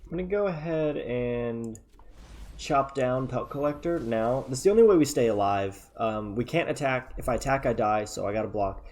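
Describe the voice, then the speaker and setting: A man's voice: mid-range voice, animated, normal speed, a little mellow. A man casually commenting on his own card game as he plays, thinking aloud and joking at himself, tired and yawning at times. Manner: chatty, self-mocking, thinks aloud. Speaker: gameplay commentator.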